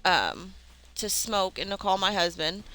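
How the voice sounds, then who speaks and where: A woman's voice: medium pitch, animated, a little slow, heavy background noise. A woman gaming streamer telling a story casually while she plays, with lots of fillers, breaking off now and then to react to the game. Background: game music.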